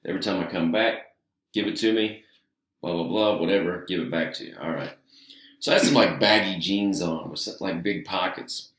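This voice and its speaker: Excitable low-voiced podcast host. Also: male voice, normal speed. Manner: excited, animated storyteller. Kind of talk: casual podcast chat. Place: podcast studio. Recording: roomy and distant from mic.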